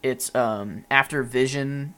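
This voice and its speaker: A man's voice: medium pitch, takes it slowly, bright, forceful tone, smooth. A young man co-hosting a podcast in casual chat, rambling with many fillers and restarts. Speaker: podcast co-host.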